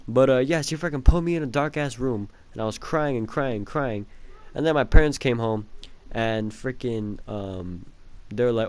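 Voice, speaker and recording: A young man telling a childhood story in a rambling, casual way, swearing a lot and filling pauses with um and like. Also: mid-range voice, a little mellow. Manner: rambling, profane, full of fillers and laughs.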